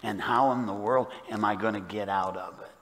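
An older man preaching a sermon as pastor, moving from hushed, quiet passages to loud, emphatic ones. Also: on the low side, fairly even intonation, moderate pace. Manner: dynamic, swings from hushed to loud emphatic delivery. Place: church sanctuary. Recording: long church reverb.

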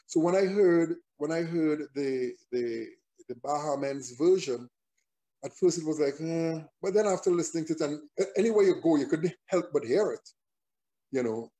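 A man, a songwriter and performer, telling a story in a relaxed conversational interview, often restarting his phrases as he thinks. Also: on the high side, moderate pace.

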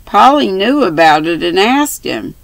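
A woman voicing an eager, earnest little girl who pleads and tries to please, speaking slowly with a gravelly tone. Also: mid-range voice, big pitch swings, no room sound, pitched above the performer's own voice, low-quality recording.

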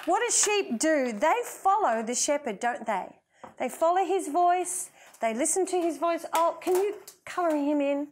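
A woman's voice: sits high, lively intonation, measured pace, slight background noise. A woman leading a playful, encouraging Bible lesson for children in a kitchen. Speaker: children's minister.

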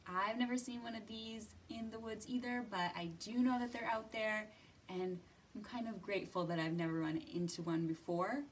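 A young woman leading a children's library storytime, gently coaxing little listeners with sing-song questions and sometimes dropping to a whisper. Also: medium pitch, fairly even intonation, moderate pace, distant mic, a little hiss or hum. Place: library room.

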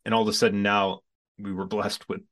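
A man in his forties, a guest on an interview podcast, telling his business story in a casual, animated way and acting out his own past reactions. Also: lowish voice, a little fast.

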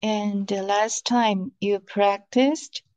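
A woman leads an online lesson. She speaks slowly and patiently at a middle pitch, drawing out each syllable she demonstrates. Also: fairly even intonation, darkish tone, rough recording. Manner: slow, patient, with drawn-out modeled syllables. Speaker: Mandarin teacher.

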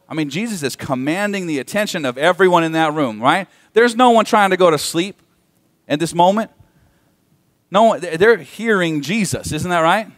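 Male pastor, fairly high voice, lively sermon delivery with questions to the room, dry close mic. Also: no echo. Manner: animated preaching, asks the congregation questions. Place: church sanctuary.

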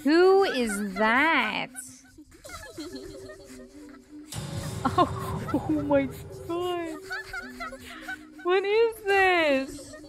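A woman's voice: sits high, lively intonation, extremely slow, long pauses, over music. A woman streaming a horror game, reacting to the scares with swearing and laughter. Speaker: let's play streamer. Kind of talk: casual gameplay commentary.

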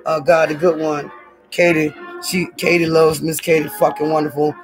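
A woman's voice: low-pitched, little pitch movement, moderate pace, over music. A woman chatting casually to her viewers from home on a hot day. She rambles from one thing to the next and keeps calling the audience y'all. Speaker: vlogger.

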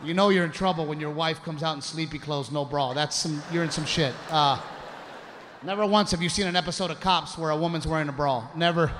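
Delivering a comedy routine at a fairly quick clip, a man with a high voice acts out characters, shouts punchlines, and keeps his storytelling animated. He is on a comedy stage before a live audience. The show recording is full of loud audience noise and laughter.

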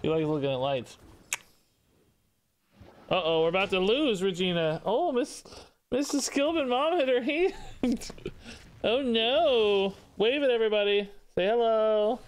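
A man streaming a card game live, chatting casually and cooing in baby talk between his commentary on the game. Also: clear, resonant tone. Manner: bouncy, sing-song pitch jumps.

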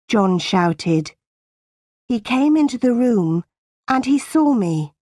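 A woman narrating a graded-reader storybook in a clear, deliberate way. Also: fairly high pitch, animated, warm tone, no room sound, studio quality.

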